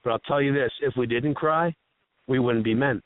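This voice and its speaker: A man's voice: mid-range voice, normal speed, no echo, phone-quality sound. A man hosting casual radio talk, telling stories in an earnest, emotional, heartfelt way. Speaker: host.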